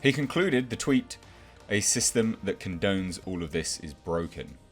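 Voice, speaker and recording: A deep-voiced man delivers a sarcastic, exasperated rant as a commentator, mocking and scoffing as he goes. Faint music sits quietly behind his voice. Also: lively intonation, a little slow. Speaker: YouTube film commentator. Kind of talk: ranting commentary.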